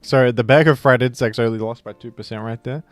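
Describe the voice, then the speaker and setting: A young man with a mid-range voice talks fast and fairly evenly while streaming a guessing game, laughing a lot and slipping into playful mock British accents. There's no echo, just soft music behind him.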